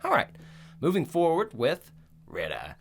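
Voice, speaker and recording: A man hosting a horror movie podcast, telling the story in a rambling, profane, animated way. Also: fairly high pitch, unhurried, creaky, a little hiss or hum. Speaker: podcast host. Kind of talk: casual movie recap chat.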